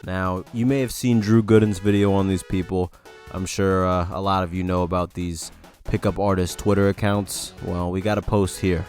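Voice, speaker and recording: Low-voiced man, wry internet commentary. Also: level tone, normal speed, darkish tone, faint music behind. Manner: wry and exasperated, with mock warnings. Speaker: commentary video host. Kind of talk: casual commentary reading posts.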